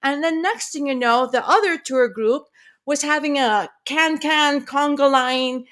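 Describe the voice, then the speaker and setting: A middle-aged woman, a pediatrician and podcast guest, telling a family story in an animated, expressive way. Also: high-pitched, a little slow.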